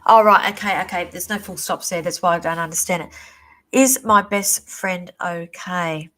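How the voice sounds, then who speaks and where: A woman hosting a live-stream psychic reading, chatty and reassuring, calling viewers darling, her voice going a little hoarse. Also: lowish voice, moderate pace, a bit bright. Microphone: computer or phone mic on a live stream.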